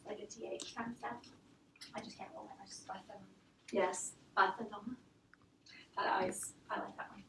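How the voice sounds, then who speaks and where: Her pitch sits fairly high and slightly bright, and she moves at a moderate pace with frequent pauses, over slight background noise. The woman is lecturing on history to a class, asking questions and chatting, joking and laughing with the students, all captured distantly in an echoey room.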